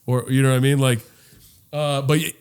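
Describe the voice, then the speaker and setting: A man co-hosting a podcast in casual chat, animated and profane, rambling with many restarts. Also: medium pitch, fairly quick, smooth. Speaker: podcast co-host.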